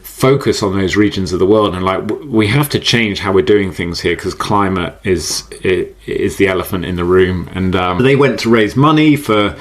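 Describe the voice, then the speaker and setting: A man, a podcast guest talking in a chatty, animated way and laughing often. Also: low-pitched, normal speed, hardly any pauses. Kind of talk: casual conversational interview.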